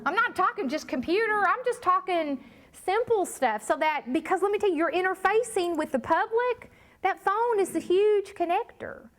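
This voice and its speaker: A woman's voice: very high voice, expressive, moderate pace, a bit bright. A woman leading a live training workshop, talking emphatically and addressing the room directly.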